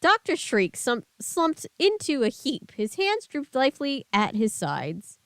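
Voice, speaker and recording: A woman's voice: a little high, animated, unhurried, few pauses, smooth, no echo. A woman streamer reading a book aloud and chatting casually with her live chat.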